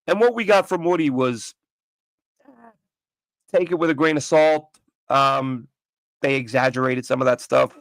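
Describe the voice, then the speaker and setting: A man's voice: medium pitch, measured pace, pauses often, no room sound. A man hosting a casual sports talk show from home, opinionated and rambling, with frequent restarts. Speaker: podcast host. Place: home studio with his dog nearby.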